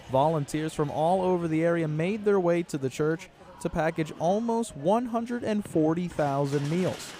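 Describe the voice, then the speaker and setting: A man's voice: fairly high pitch, darkish tone. A young man reporting a local news story in an upbeat way. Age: young adult.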